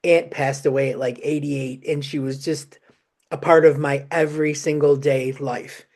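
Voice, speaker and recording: A man with a fairly high voice hosts a podcast conversation. He talks chattily, with loose sentences and lots of fillers. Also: fairly even intonation, moderate pace, darkish tone. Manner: chatty, full of "you know" fillers. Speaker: podcast host.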